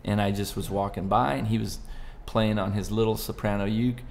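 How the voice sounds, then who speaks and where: A man's voice: lowish voice, steady tone, fairly quick, creaky, darkish tone, a little hiss or hum. A man in his forties from Southern California, a guest musician and comedian, chatting playfully and rambling through his stories. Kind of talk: casual interview chat.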